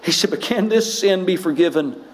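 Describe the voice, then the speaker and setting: Male pastor, high voice, preaching with passion; rises to shouts, drops low for stories. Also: normal speed, poor audio. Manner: impassioned preaching, rising and shouting at peaks. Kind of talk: sermon.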